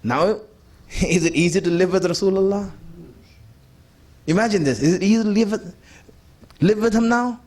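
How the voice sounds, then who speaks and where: A man's voice: high voice, normal speed, pauses often, darkish tone. A man delivering a sermon, emphatic and conversational, repeating his key points and putting rhetorical questions to the audience. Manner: conversational, addresses the audience directly. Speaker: religious speaker.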